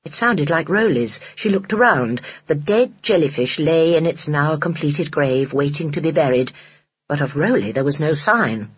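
A narrator reading a children's novel aloud in a gentle, measured storytelling manner. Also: medium pitch, lively intonation, slightly rough, dry recording. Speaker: audiobook narrator. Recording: dull lo-fi dry recording.

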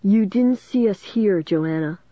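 A woman reading the part of a secretive teenage boy who speaks in a hushed, solemn way. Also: medium pitch, lively intonation, moderate pace, husky, no echo. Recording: dull dry lo-fi recording.

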